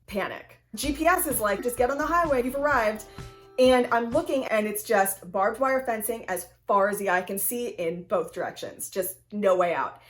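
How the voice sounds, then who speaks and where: A young American woman vlogger telling a road trip story in a casual, animated way, full of "like" and the odd swear word. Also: mid-range voice, normal speed, few pauses, soft background music.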